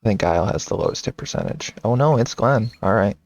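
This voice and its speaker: A man casually commenting on his game playthrough, rambling and thinking out loud. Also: fairly low pitch, lively intonation, fast talker, vocal fry, lo-fi sound. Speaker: game streamer. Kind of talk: casual let's-play commentary.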